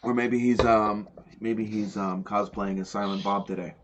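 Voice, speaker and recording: A man's voice: lowish voice, fairly even intonation, moderate pace. A man hosting a casual podcast livestream, rambling and stumbling over repeated words. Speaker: podcast host. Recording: dull lo-fi stream audio.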